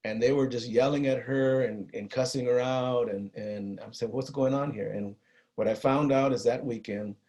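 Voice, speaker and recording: A middle-aged man with a Chicano East Los Angeles accent, telling a personal story in a talk, earnest and halting, with many restarts and Spanish phrases. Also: mid-range voice, steady tone, a little mellow. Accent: Chicano English from East Los Angeles. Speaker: guest speaker on violence prevention.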